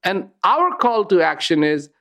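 A middle-aged man giving a reflective inspirational talk, unhurried and storytelling, with sudden lifts in pitch. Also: very animated, a bit bright. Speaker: host, speaker.

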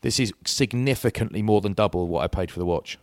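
This podcast co-host is a middle-aged man with a lowish voice who talks fast, spinning rambling anecdotes that he breaks off and restarts. It's a casual chat, captured in clean studio sound with no room noise.

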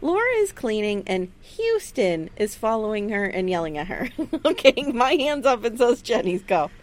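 A woman co-hosts a podcast in casual chat, speaking in a mid-range voice at a normal speed. She's animated and profane and laughs often.

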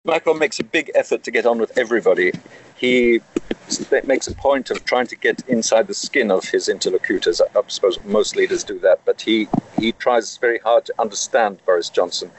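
A man answering interview questions in a measured way, often pausing and restarting as he explains. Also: fairly low pitch, slight background noise, low-quality recording. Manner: measured, with frequent hesitations. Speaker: correspondent in France.

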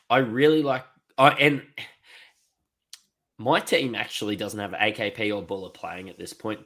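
A man co-hosting a fantasy sports podcast, relaxed and joking as he thinks aloud. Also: fairly low pitch. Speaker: podcast co-host. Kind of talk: casual fantasy sports chat.

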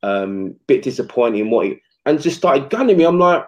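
A man's voice: a little high, a little fast, hardly any pauses. A man, a retired footballer telling stories in a casual, slangy interview and acting out quoted exchanges. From England. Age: 40s. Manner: animated, slangy, acts out quotes. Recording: slightly muffled podcast audio.

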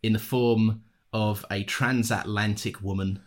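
A man's voice: fairly low pitch, steady tone, unhurried. A young British man co-hosting a podcast, recapping an episode in a joking, playfully defensive, mock-dramatic way. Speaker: podcast co-host. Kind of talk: casual chat.

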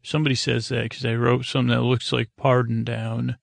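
Halting recap host, man, gravelly and dry, lots of "uh"s. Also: medium pitch, level tone, no room sound. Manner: halting, many "uh"s and restarts, loosely quoting characters. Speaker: podcast host recapping a TV episode. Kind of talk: rambling casual recap.

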